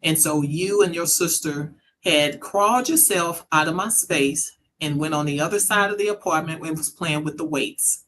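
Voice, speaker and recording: A woman's voice: deep voice, moderate pace, hardly any pauses, a bit bright, a little hiss or hum. A middle-aged mother telling a personal story in a casual conversation, earnest and reflective. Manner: earnest, reflective, acts out quoted voices. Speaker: mother sharing her story.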